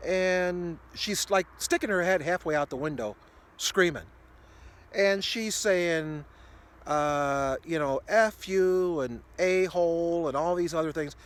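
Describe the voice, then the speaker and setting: Speaking to camera for a ministry video, this man in his sixties rambles through an everyday story, restarting often and using many fillers. His voice is a little high and a bit bright, and he doesn't hurry.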